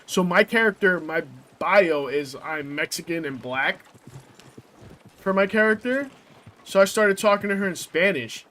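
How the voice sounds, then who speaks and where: His voice is high-pitched, expressive, bright and forceful, and he takes his time. A young streamer chatting casually during gameplay, he rambles, swears and uses plenty of fillers.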